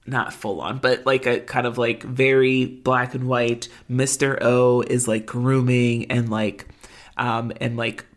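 A woman co-hosting a podcast recaps things in a casual chat, using lots of fillers and laughing frequently. Her voice is very deep, her delivery flat, and her pace slow.

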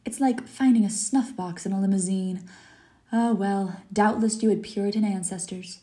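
A woman's voice: mid-range voice, steady tone, dark tone, natural voice. Fields: Woman reading as a suave, cruel old general. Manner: urbane, mocking, unhurried. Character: suave cruel aristocratic older male general. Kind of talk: reading a story aloud.

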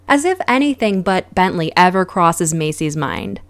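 A woman's voice: fairly low pitch, big pitch swings, moderate pace, few pauses, no echo. A woman hosting a podcast, recapping a reality show in a casual, sarcastic and profane way. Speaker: podcast host.

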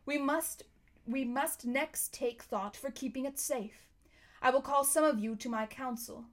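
A woman reading a storybook aloud and voicing a majestic, kindly male lion king, speaking slowly and solemnly. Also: sits high. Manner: slow, solemn, measured delivery.

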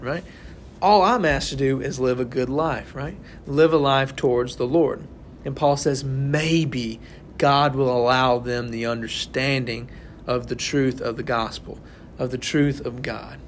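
Talking to a small group in an informal sermon, a young man running a casual Bible study stays conversational and keeps checking in with "right?". His voice is medium in pitch, and there's slight background noise.

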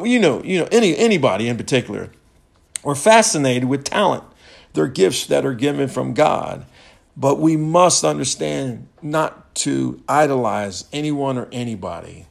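A man in his fifties delivers a folksy sermon in a gravelly voice of middle pitch. He retells a story, laughs often and grows loud when excited. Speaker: preacher.

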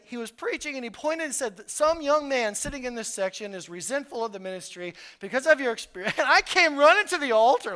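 A male pastor preaching a sermon in an earnest way, moving between loud urgent peaks and hushed, low stretches.

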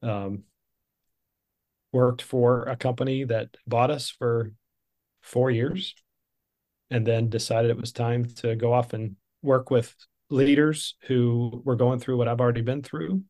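A man in his fifties recounts his career in an interview, earnest and conversational. His voice sits at an ordinary middle pitch. He circles back and restarts as he talks. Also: a little mellow. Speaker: guest, business coach. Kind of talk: storytelling interview answer.

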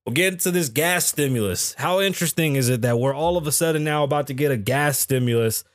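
A man's voice: fairly high pitch, no room sound. A man hosting a live podcast in a small studio, chatting casually into a microphone, joking, swearing and rambling from topic to topic. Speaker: podcast host. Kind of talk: casual live show chat.

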